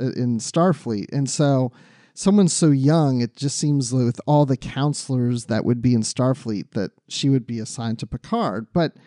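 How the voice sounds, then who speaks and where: Man with a dark mellow voice. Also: medium pitch, no room sound, studio quality. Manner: chatty, laughs easily. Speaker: podcast co-host. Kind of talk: casual book discussion.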